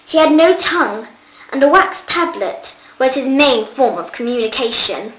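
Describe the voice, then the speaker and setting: A woman reading a children's book aloud, lively and lifting her voice for the characters' lines. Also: high-pitched, normal speed, roomy sound, rough recording. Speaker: reader.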